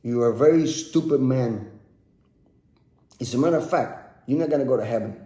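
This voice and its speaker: Guy doing a wild-haired monk sage, low and blunt, dark tone, echoey. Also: moderate pace, lightly acted. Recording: echoey room.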